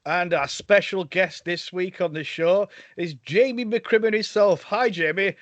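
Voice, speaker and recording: Joking male podcast host, high voice. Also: measured pace, few pauses, a bit bright, no echo. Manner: jokey, teasing banter. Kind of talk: casual podcast chat. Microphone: video call. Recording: dull dry video-call audio.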